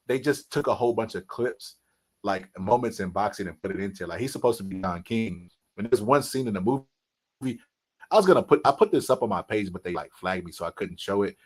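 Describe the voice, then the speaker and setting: A man hosting a casual podcast chat, telling stories in loose slang and tacking "bro" onto nearly every sentence. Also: on the low side. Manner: loose slangy talk, says "bro" constantly; lively storyteller, acts out quotes. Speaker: podcast host.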